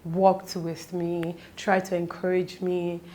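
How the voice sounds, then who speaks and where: Tearful woman, halting and emotional. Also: fairly low pitch, completely flat delivery, dark tone, slight background noise. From Nigeria. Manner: tearful, halting, fighting back tears. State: close to crying. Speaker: vlogger. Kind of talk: emotional personal vlog.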